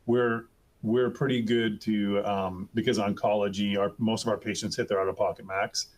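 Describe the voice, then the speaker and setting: Brief: male panelist with a lowish voice, casual and loose, says "um" and "like" a lot. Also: level tone, normal speed. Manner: informal, many fillers. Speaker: healthcare revenue leader, panelist. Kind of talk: panel discussion.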